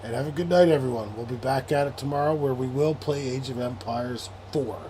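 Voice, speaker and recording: A man's voice: medium pitch, brisk, mellow, slight background noise. A young man hosting a late-night sports livestream, rambling and sarcastic, with frequent swearing as he reads chat aloud. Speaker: livestream host.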